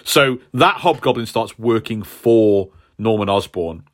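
A man's voice: fairly low pitch, lively intonation, unhurried. A man co-hosting a casual chat, recapping a story in a rambling way with lots of fillers. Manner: rambling, hesitant with many fillers. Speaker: podcast co-host.

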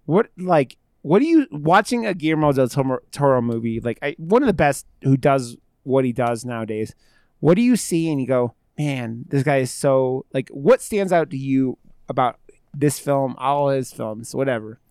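Rambling, foul-mouthed man in a dry, clear voice. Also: mid-range voice, lively intonation, moderate pace, a little mellow, dry recording. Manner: rambling, profane, jokey, many fillers. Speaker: podcast co-host. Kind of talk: casual film discussion.

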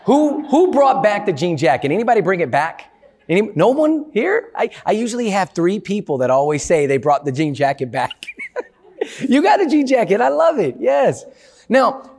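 A man giving a motivational talk to a live audience, energetic and playful, often asking the crowd questions. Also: high voice. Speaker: motivational speaker.

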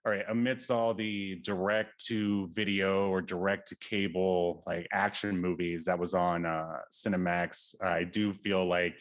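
A man co-hosting a casual film podcast, talking in a relaxed, hesitant way with many fillers. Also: low voice, a little slow, few pauses. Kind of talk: casual chat.

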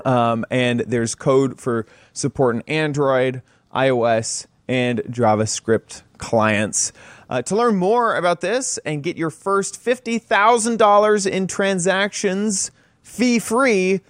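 A man's voice: fairly high pitch, slow pace, no echo, clean studio sound. A man hosting a casual podcast, talking with many fillers and restarts and reading an ad for the show. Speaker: podcast host. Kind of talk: casual podcast chat with read ad.

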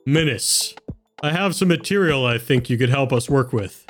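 A man playing a tabletop role-playing game, giggly and excitable. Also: medium pitch, moderate pace, faint music behind. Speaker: player.

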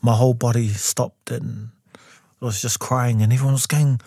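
A man in his forties with a New Zealand accent, a composer guest telling his story in a studio interview and jumping into high voices when he quotes people. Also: fairly even intonation, normal speed, gravelly, mellow, slightly rough, no echo. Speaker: guest, composer and taonga pūoro player.

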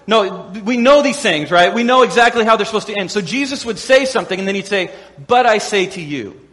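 A man preaching a sermon as pastor, animated and laughing often as he acts out the voices of crowds and quotes. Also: high-pitched, fairly quick. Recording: echoey hall with long reverb.

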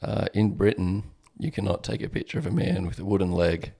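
Man, comedy podcast co-host, deep gravelly voice, deadpan, hesitant. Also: a little fast. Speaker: co-host running a quiz segment.

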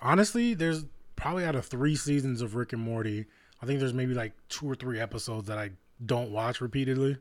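A man co-hosting a podcast, chatting casually, rambling and laughing often. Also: brisk. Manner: laid-back, rambling, laughs often, quotes cartoon lines in a high put-on voice. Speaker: podcast co-host. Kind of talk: casual chat.

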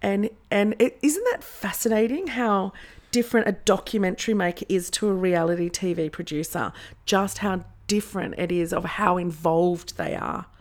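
A woman chatting as a guest, telling a story in an animated way and acting out what others said. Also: mid-range voice, normal speed. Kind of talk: storytelling in a podcast interview.

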